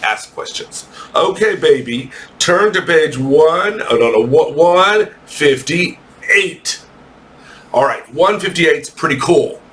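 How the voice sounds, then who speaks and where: A man teaching an English lesson to young children, reading a textbook aloud slowly and correcting his own slips. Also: a little high, lively intonation, a bit bright, slight background noise. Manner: slow, patient, reads text aloud and corrects himself.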